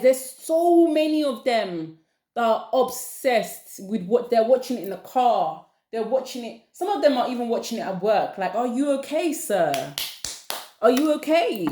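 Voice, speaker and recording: A young woman, hosting a casual opinion chat and ranting in an exasperated, animated way. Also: a little high. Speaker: channel host. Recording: echoey room.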